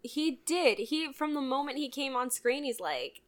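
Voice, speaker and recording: A woman co-hosting a casual movie podcast, chatting animatedly and acting out scenes in quick voices. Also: sits high, expressive. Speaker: podcast co-host. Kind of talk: casual chat about a movie.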